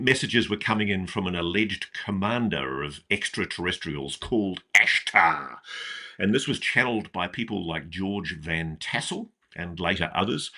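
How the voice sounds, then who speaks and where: Male guest, low-pitched, bright delivery, cautious but blunt. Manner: measured, hedging, blunt at times. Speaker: interview guest. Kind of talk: speculative interview commentary.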